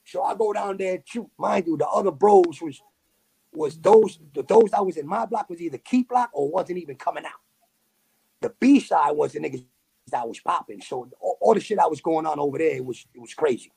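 A man from New City, telling a story as a podcast guest in animated street slang with sound effects. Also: fairly high pitch, brisk, gravelly, husky. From New York City. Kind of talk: casual storytelling.

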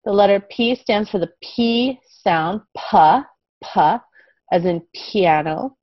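Slow, clear woman teaching phonics. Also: medium pitch, dry recording. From United States. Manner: slow, clear, encouraging, repeats letter sounds. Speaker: kindergarten English teacher. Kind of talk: online phonics lesson for young children. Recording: dull, dry lo-fi sound.

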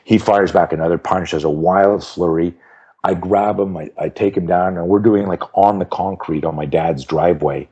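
A man in his fifties with a very deep voice tells a story as a podcast guest. He is an animated, emphatic speaker who hammers his points home by repeating phrases and briefly takes on the voices of the people in his anecdotes. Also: normal speed, breathy edge, highs cut off. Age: 50s. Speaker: self-defense instructor and podcast guest. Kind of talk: storytelling in an interview.

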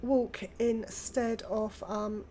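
An older woman with a British accent talks her way through a survival game, chatty and quick to exclaim. Her voice sits fairly high for a woman, with a faint hiss of noise under it. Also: fairly even intonation, warm tone. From United Kingdom. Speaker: gaming channel host. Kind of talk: casual gameplay commentary.

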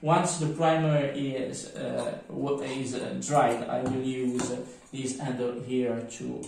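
A man with a French accent walks through a hands-on tutorial, pausing and searching for words as he works. His delivery is unhurried and at a middle pitch. The sound is roomy and distant, as if he stands away from the mic in a bare workshop. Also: little pitch movement, gravelly, background noise. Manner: halting, thinking aloud while working. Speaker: miniature painting tutor. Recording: echoey room, mic at a distance.

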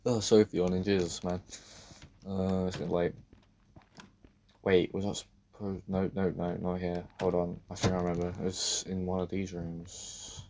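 Deep-voiced guy playing a spooky game, mutters, swears a lot, keeps yelping out loud. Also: monotone, unhurried, a little hiss or hum. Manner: jumpy, swearing, talks to himself, sudden loud outbursts. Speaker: gaming video creator. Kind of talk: let's-play horror game commentary.

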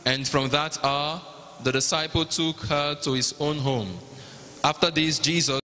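A man with a Nigerian accent narrating the Passion at a liturgy, in a measured, even reading. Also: fairly high pitch. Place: large cathedral. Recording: long cathedral reverb.

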